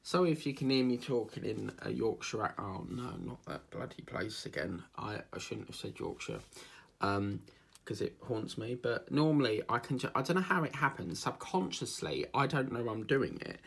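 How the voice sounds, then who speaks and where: Gravelly, husky chatty man rambling. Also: medium pitch, sing-song, moderate pace. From England. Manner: rambling, chatty, drifts into mimicked accents. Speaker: diamond painting vlogger. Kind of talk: casual chat while crafting.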